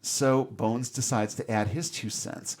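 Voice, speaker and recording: Sarcastic male co-host, mid-pitched, casual review banter. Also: steady tone, measured pace, a little mellow. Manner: wry, sarcastic retelling with mock asides. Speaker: podcast co-host. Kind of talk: casual film review chat.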